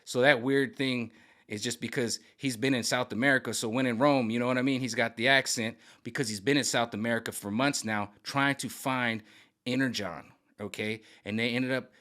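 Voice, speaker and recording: Rambling man with a bright, forceful voice. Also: medium pitch, steady tone, normal speed. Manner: rambling, frequent "right?" and "okay?" check-ins; hesitant, searches for words with many fillers. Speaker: fan video creator. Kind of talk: casual pitch of a film rewrite.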